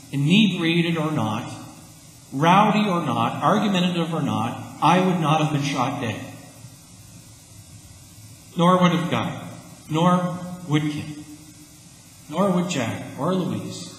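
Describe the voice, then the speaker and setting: Earnest man preaching in an echoey church. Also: fairly high pitch. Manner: earnest, emphatic, conversational preaching. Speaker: pastor. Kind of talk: sermon. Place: church sanctuary. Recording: echoey church hall, faint ambience.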